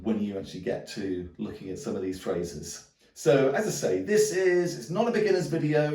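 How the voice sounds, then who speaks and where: Relaxed man teaching djembe. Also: on the low side, roomy sound, far from the mic. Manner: rambling, hedging with "sort of" and "um"; calls out drum strokes aloud while playing. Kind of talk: hands-on music lesson. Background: djembe drumming.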